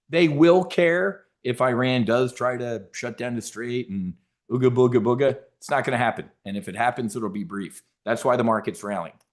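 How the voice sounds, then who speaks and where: Middle-aged male host, brash folksy market commentary, average pitch, lots of fillers. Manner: brash, folksy, emphatic, with frequent fillers and restarts. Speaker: options trading educator hosting a market briefing.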